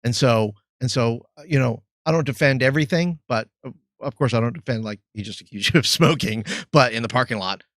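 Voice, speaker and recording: A man who is a youth pastor, a guest on a podcast, reflecting thoughtfully and pausing to search for his words. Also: mid-range voice, a bit bright, dry recording, clean studio sound. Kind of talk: reflective interview talk.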